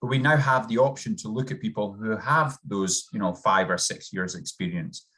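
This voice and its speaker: A man's voice: on the low side, moderate pace, pushed and bright. A man with a subtle Scottish accent, a rugby coach talking earnestly and upbeat as a guest over a video call. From Scotland. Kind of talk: interview guest.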